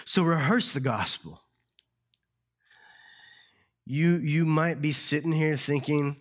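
A man preaching a sermon as pastor, earnest and slowing down to stress key words. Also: fairly high pitch, fairly bright tone. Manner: earnest, slows down for emphasis.

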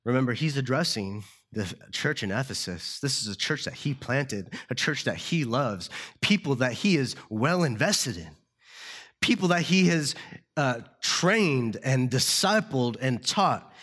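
A man preaching a sermon as pastor, earnest and slowing down to stress key words. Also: medium pitch, expressive, fairly bright tone. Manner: earnest, slows down for emphasis.

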